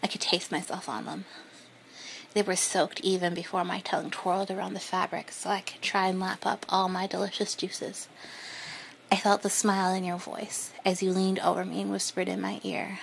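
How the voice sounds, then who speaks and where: A woman reading a first-person story in a soft, breathy, unhurried whisper. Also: on the low side, little pitch movement, a little hiss or hum. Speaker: narrator.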